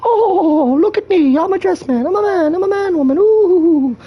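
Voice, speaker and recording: A man putting on a shrill, exaggerated falsetto voice of an effeminate man in a dress. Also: animated, normal speed, muffled recording. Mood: mocking.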